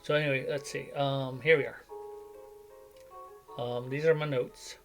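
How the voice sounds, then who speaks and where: Nursing a cough and a headache, a middle-aged man chats casually into a desk mic at home for his vlog, rambling with many fillers and jokes at his own expense. He speaks at medium pitch in a flat delivery, a little slowly and pausing often, with faint music in the background.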